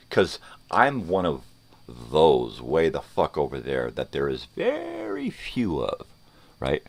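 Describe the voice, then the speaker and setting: Very deep gravelly older man ranting. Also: huge pitch swings, measured pace. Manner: profane, blunt ranting. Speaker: vlogger. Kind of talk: ranting morning vlog.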